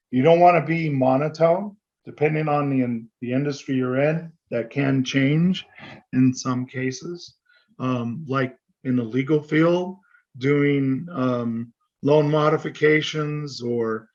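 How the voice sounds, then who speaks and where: A man giving a fast-paced, conversational business training presentation at a chamber meeting, sometimes acting out sample phone dialogue. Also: medium pitch, highs cut off. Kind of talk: seminar presentation.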